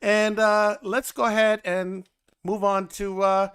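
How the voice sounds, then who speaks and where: Man, New York accent, high-pitched, gravelly, mocking reality TV host, dry close mic. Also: takes it slowly, no echo. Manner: blunt, mocking, animated. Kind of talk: reality TV commentary.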